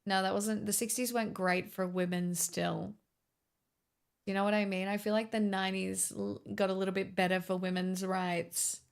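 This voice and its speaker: A woman's voice: medium pitch, little pitch movement, normal speed, creaky, clean tone. A woman chatting casually, making sarcastic jokes. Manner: sarcastic, joking. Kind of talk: casual chat.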